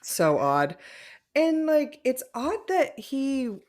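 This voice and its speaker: A woman's voice: high voice, extremely slow. A woman co-hosting a podcast, chatting casually and giggling as she recaps a reality show, with plenty of "like" in her talk. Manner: giggly, animated, lots of "like" fillers. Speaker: podcast co-host.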